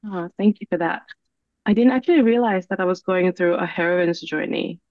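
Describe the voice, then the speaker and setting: Soft-spoken woman on a dull remote line. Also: on the low side, moderate pace, no echo. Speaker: guest coach. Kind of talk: conversational interview.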